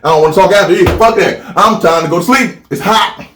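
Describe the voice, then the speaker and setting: Man, crude comedy podcast rant, repeats lines for laughs, fairly high voice, roomy echo. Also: quick pace. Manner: animated, profane, repeats phrases for comic buildup. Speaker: podcast co-host. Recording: echoey room.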